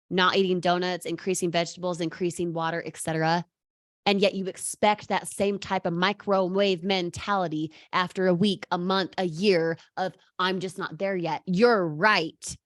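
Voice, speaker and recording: A woman's voice: on the low side, flat delivery, normal speed, dry recording, studio quality. A woman giving a bold, sassy motivational talk as a sales coach, calling out viewers by name.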